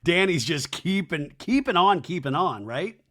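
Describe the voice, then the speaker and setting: A young man with a fairly high, very lively voice recaps reality TV on his podcast. He gossips in a campy, playful way and mimics the people he talks about with exaggerated voices. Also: a little slow. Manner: campy, gossipy, acts out cast members' lines in silly voices. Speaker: podcast host.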